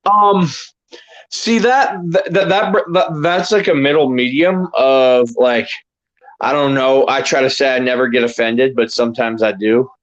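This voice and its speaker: A man co-hosting a casual podcast, chatting and rambling through halting freestyle rhymes. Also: mid-range voice, dull audio. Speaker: podcast co-host. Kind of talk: casual chat and freestyle rapping.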